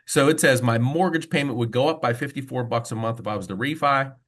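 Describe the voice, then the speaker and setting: A man's voice: medium pitch, fast talker, a bit bright. A man who works as a mortgage loan officer, presenting on a video call webinar in a casual storytelling way with frequent fillers.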